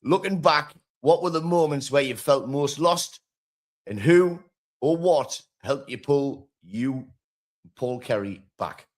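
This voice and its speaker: A man's voice: fairly high pitch, takes it slowly. A man hosting a casual interview, plain-spoken, with frequent ums. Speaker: podcast host.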